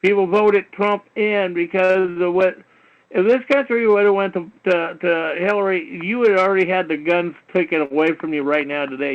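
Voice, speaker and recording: A man with a high voice hosts a call-in talk show through a dull, lo-fi internet radio stream. He lectures in a heated, rambling way, repeats himself and fills gaps with "you know" and the odd curse. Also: fairly even intonation, normal speed. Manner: repetitive, peppered with "you know", swearing.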